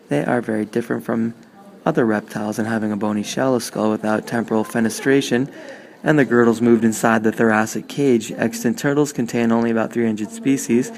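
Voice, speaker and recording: A man doing an impression of a male politician, rattling through exhibit text in a hurried monotone. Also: mid-range voice, lightly acted.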